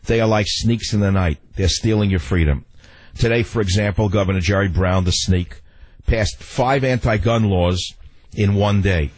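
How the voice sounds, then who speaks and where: A man hosting a radio talk show, ranting in an animated, exasperated way into a studio mic. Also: lowish voice, normal speed, husky, dry recording.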